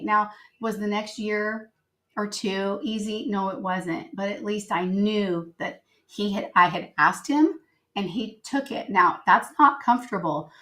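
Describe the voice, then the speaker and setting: A middle-aged woman, a podcast guest, telling personal stories in a casual, animated way and acting out the dialogue. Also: mid-range voice. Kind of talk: casual interview storytelling.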